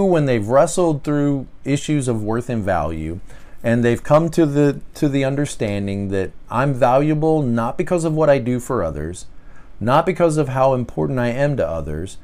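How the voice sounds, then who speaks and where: A man talks through a faith-based self-help podcast as a reflective monologue. His pitch swings widely as he goes. He repeats questions aloud and fills pauses with "uh" and "you know". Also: darkish tone. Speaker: podcast host.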